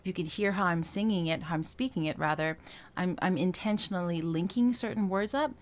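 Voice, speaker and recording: A woman vocal coach explaining singing technique, talking through each point with filler sounds and quick checks with the listener. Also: fairly low pitch. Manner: talks through points with frequent "um" and checks of "right?".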